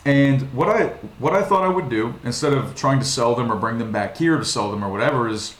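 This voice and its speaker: A man's voice: mid-range voice, expressive, brisk. Profane rambling young man, echoey room. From Virginia, USA. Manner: rambling, profane, frequent restarts. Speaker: vlogger. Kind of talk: casual storytelling monologue.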